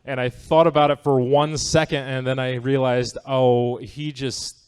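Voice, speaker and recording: A man's voice: medium pitch, fairly even intonation, normal speed, darkish tone, smooth. A male comedian works through a stand-up set in a comedy theatre, speaking into a handheld mic. His voice sits in an ordinary middle register. He keeps things loose and wry, often asking the crowd "right?". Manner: conversational, wry, asks the audience "right?".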